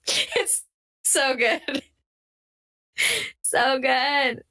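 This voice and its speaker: Bright, excitable woman podcast co-host. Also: high-pitched, extremely slow. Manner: excitable and gushing, swears freely. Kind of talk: casual chat.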